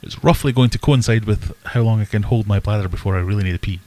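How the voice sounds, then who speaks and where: A man with a fairly low, mellow voice talks at a quick pace while hosting a casual livestream. He rambles and pokes fun at himself as he answers viewer questions, picked up by a desk webcam setup.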